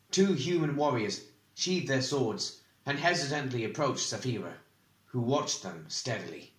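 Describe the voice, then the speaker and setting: A man narrating a fantasy audiobook chapter in a measured, even reading. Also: mid-range voice, reverberant.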